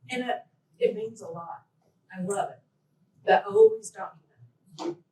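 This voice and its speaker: A woman's voice: on the high side, measured pace. Chatty woman teacher telling stories at a conference, echoey hall, mic kinda far off. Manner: chatty, storytelling, animated quotes. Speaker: conference presenter and language teacher. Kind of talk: casual presentation talk.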